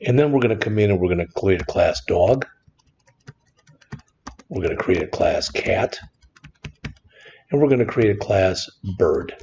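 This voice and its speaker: A man teaching a screen-recorded programming lesson in a relaxed, conversational way, often saying "all right". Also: lowish voice, a little slow, pauses often, highs cut off, a little hiss or hum. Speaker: programming instructor.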